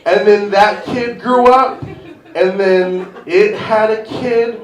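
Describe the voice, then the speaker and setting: This is a young male comedian in his twenties, rambling and mocking himself during a pub stand-up set, leaning heavily on "like." His voice is high and fairly even in intonation, and he takes his time. The recording comes from a distant mic, with the live audience laughing.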